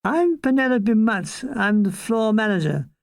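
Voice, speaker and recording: A man voicing a prim young woman floor manager with a clipboard, brisk and officious. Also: sits high, sing-song, vocal fry, dry recording, studio quality, full character voice.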